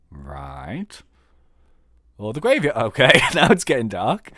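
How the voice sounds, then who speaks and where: A man chatting casually through a game playthrough, excitable and rambling, with a slightly sore throat. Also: on the low side, measured pace, dry recording, clean studio sound. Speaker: game commentator. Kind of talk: casual let's play commentary.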